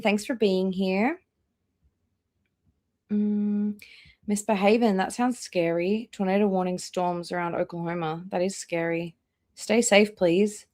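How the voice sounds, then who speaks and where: A woman hosting a live reaction stream, chatting casually and reading out viewer names one by one with drawn-out welcomes. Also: medium pitch. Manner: drawn-out welcomes, trailing off quieter.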